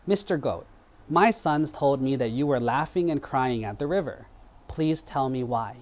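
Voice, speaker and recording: A man's voice: mid-range voice, expressive, normal speed, darkish tone, natural voice. A man playing a wealthy Brahmin father in a spoken parable, exclaiming in a raised voice. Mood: courteous. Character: rich powerful Brahmin father, startled and fearful.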